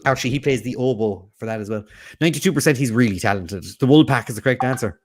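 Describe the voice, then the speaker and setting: A man's voice: mid-range voice, quick pace. A man hosting a casual quiz, reading out questions and answer options and riffing on them with jokes. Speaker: quiz host.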